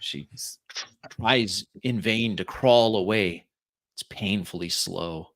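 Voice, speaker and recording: Male GM, slow unhurried narration, bright voice. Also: lowish voice. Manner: measured, descriptive, with uh fillers. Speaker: game master. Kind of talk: narrating a tabletop game.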